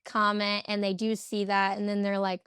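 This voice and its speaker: A woman's voice: mid-range voice, completely flat delivery, normal speed, fairly bright tone, clear, resonant tone, no room sound, studio quality. A young woman from Central Illinois, a cattle breeder and interview guest, chatting casually and laughing often as she tells stories. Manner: giggly storyteller, acts out quoted voices.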